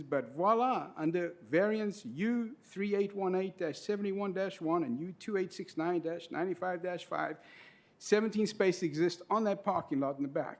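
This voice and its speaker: A man's voice: high voice, normal speed. Earnest man speaking at a podium. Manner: earnest, emotional, detailed. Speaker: public commenter, trustee of local business property. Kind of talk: public comment at a county meeting. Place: county board meeting room.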